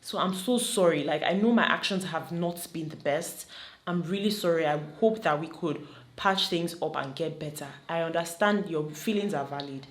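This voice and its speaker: A woman's voice: low voice, normal speed, close to an everyday voice. A Nigerian-accented woman acting out a contrite young woman who pleads sincerely with a friend. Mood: apologetic. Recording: roomy echo.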